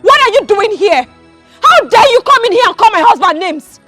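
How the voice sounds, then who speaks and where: A woman's voice: very high voice, sing-song, moderate pace, no echo, soft background music, full character voice. A woman playing a furious, defiant Nigerian wife. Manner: loud, defiant, shouting. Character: defiant wife, fiercely loyal to jailed husband. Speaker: wife defending her husband. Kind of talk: Nollywood film acting.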